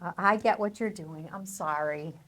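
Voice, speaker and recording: A woman playing a gentle, lonely farm wife. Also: on the low side, normal speed. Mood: flustered. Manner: earnest, gentle, easily flustered. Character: lonely kind-hearted farm wife, adult. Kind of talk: radio play acting.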